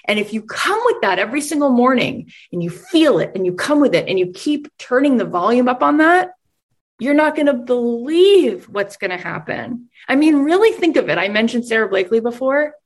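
A woman hosting a podcast, giving energetic coaching talk and acting out voices of the people in her stories. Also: on the high side, normal speed. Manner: enthusiastic, acts out quoted voices. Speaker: podcast host and business coach.

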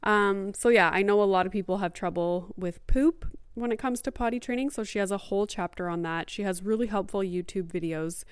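A woman's voice: mid-range voice, a little fast, hardly any pauses, clean tone, no echo, clean studio sound. A woman in her thirties hosting a podcast, talking casually and chattily, full of "like" and "um", a little out of breath. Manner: chatty, heavy use of "like" and "um". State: mildly out of breath. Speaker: podcast host. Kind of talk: casual solo podcast talk.

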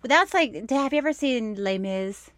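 A middle-aged woman co-hosting a casual chat, animated and self-deprecating as she tells stories and laughs at herself. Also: on the high side, normal speed, no echo. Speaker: podcast co-host.

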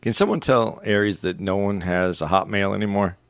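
A man's voice: fairly low pitch, a little fast, dry recording. A man co-hosting a podcast, chatting casually with dry, teasing remarks. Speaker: podcast co-host. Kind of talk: casual chat.

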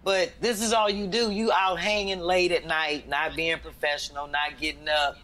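A woman's voice: lowish voice, fairly even intonation, moderate pace, fairly bright tone. A woman who is a full-time comedian, talking bluntly and emphatically in a casual chat. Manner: blunt, emphatic, talks with conviction.

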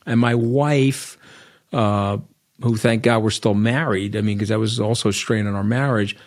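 A man's voice: fairly low pitch, steady tone, normal speed, dry recording, studio quality. A middle-aged man with a Long Island New York accent, a podcast guest telling stories in a blunt, rambling way and tagging lines with "okay?". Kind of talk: casual storytelling interview.

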